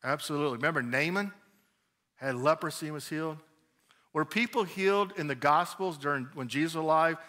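A male pastor delivering a sermon with a high, bright voice. He tells stories with animated emphasis and a forceful edge. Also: brisk.

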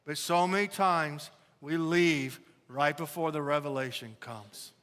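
A man's voice: a little high, measured pace, fairly bright tone, big-room sound. A middle-aged male pastor preaching a sermon, building emphasis and asking the congregation rhetorical questions.

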